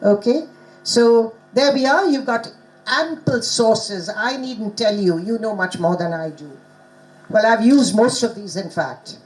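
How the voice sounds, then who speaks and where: A woman's voice: on the high side, measured pace, poor audio. Engaging woman leading a pronunciation workshop. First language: not English. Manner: engaging, asks the audience questions. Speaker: workshop presenter. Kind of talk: conference workshop talk on pronunciation. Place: conference hall.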